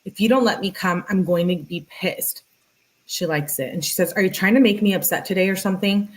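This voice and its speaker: A woman hosting a true-crime channel, reading text messages aloud in an even way and adding casual, exasperated asides. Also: medium pitch, fairly quick, rough recording.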